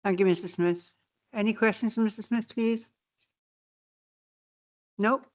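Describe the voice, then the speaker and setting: A woman's voice: mid-range voice, steady tone, unhurried. A woman presiding over a council meeting, informal and good-humoured. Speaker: presiding member.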